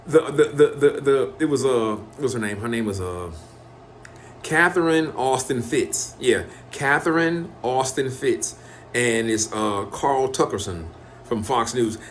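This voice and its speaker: A man's voice: medium pitch, slight background noise. A man, talking in a loose, profane monologue and acting out quoted lines in changed voices. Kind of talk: casual rambling monologue.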